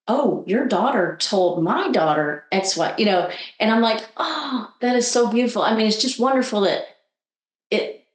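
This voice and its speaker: A woman coach sharing a story in an animated, conversational way, acting out the voices she quotes. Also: fairly high pitch, moderate pace, reverberant. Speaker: guest coach.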